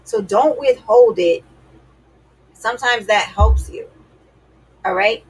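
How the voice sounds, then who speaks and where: A woman's voice: fairly high pitch, slow pace, a little hiss or hum, rough recording. A woman giving dating advice to her viewers in a sassy, emphatic, casual way. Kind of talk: casual advice talk to camera.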